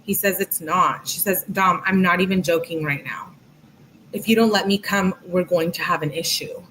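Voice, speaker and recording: Low-voiced woman reading texts aloud. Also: moderate pace, a bit bright, a little hiss or hum, poor audio. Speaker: true-crime channel host. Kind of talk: reading text messages aloud with casual commentary.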